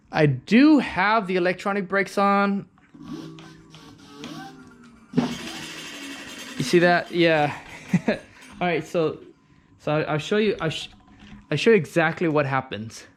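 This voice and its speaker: A man's voice: fairly high pitch, takes it slowly, long pauses, faint music behind. A man demonstrating a scooter repair in his garage, frustrated, with frequent restarts and mild swearing. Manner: frustrated, swears mildly, repeats himself. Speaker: scooter mechanic. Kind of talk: casual vlog demonstration. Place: home garage.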